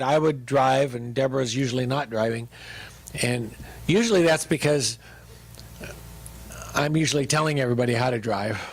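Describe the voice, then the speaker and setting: A middle-aged male pastor telling a humorous personal story in a relaxed, conversational sermon. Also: medium pitch, creaky.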